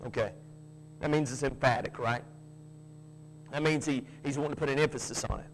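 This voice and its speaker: A man's voice: medium pitch, fairly quick, a little hiss or hum, rough recording. A man preaching a sermon, folksy, with joking asides and frequent restarts. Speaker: pastor.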